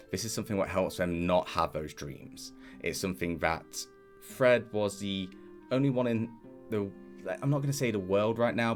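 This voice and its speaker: Deep-voiced man narrating as game master. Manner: relaxed, rambling, hesitant.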